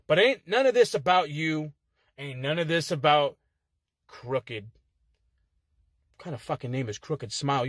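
Raspy, high-voiced man trash-talking a rival in a wrestling promo, heated and profane; dead-dry car recording. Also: fairly bright tone, no room sound. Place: inside a car.

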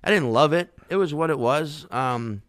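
A man's voice: fairly high pitch, normal speed, a bit bright, dry recording. A man from the New Orleans area in his thirties, a comedian rambling and swearing in casual podcast chat. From New Orleans area, Louisiana. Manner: rambling, profane, laid-back.

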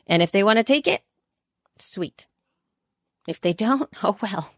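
A woman's voice: mid-range voice, lively intonation, measured pace, dry recording, studio quality. A woman co-hosting a podcast in casual chat, talking at length with frequent restarts. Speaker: podcast co-host.

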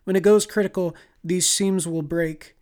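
A man voicing a small, nonchalant woman engineer who talks in a flat monotone. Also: fairly low pitch, normal speed, natural voice. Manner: deadpan, detached.

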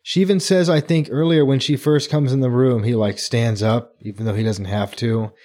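A man co-hosting a podcast, casually retelling book scenes with lively acted-out quotes and frequent laughter. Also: mid-range voice, moderate pace. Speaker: podcast co-host.

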